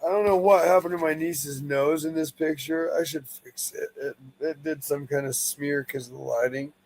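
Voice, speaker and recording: A man with a raspy, fry-heavy voice pitched a little high. He chats loosely on a stream, blunt and profane. His talk runs on with plenty of swearing. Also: fairly even intonation, moderate pace, darkish tone, slight background noise, poor audio. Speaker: guest. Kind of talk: casual stream chat.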